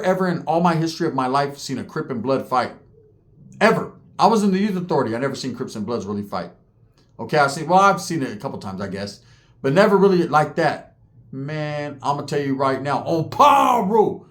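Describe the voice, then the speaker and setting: A podcast guest tells a story in a casual, profane style, full of slang and constant "right?" checks. His mid-range voice has lively intonation, and he acts out other people's lines in quick voices.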